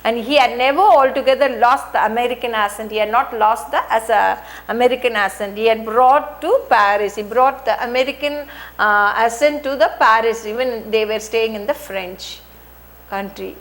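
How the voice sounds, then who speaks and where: A woman's voice: a little high, moderate pace. A woman English teacher who reads a textbook story aloud and retells each sentence in simple words, with frequent restarts and fillers.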